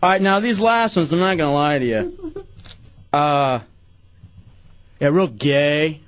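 Animated self-mocking male talk host. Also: on the high side, slow pace, highs cut off. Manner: self-deprecating, laughing often. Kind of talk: casual studio banter.

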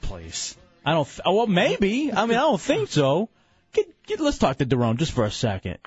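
A man hosts a radio show in a playful, rambling way. His pitch is slightly high and swings widely. The sound is a little dull, with faint music behind him. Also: huge pitch swings, normal speed, breathy edge. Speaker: radio host. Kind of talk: casual radio banter.

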